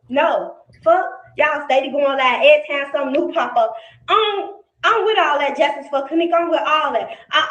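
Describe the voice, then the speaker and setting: A woman's voice: high voice, fairly bright tone. A woman ranting angrily and defensively on a live stream, swearing often, repeating herself and raising her voice. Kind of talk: angry live-stream rant. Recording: echoey, noisy, played back with clicks.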